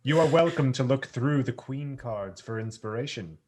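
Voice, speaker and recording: A man's voice: mid-range voice, animated, normal speed, heavy background noise. A laid-back, joking man chatting and reading game cards aloud.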